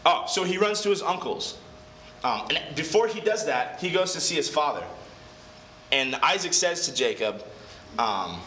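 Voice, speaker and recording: A man leads a casual Bible lesson in a chatty, digressive way and corrects himself as he goes. His voice is bright and clear-toned. The recording is echoey and a bit dull, with faint noise underneath. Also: mid-range voice, animated, a little slow. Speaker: Bible study leader. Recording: echoey room, slightly dull.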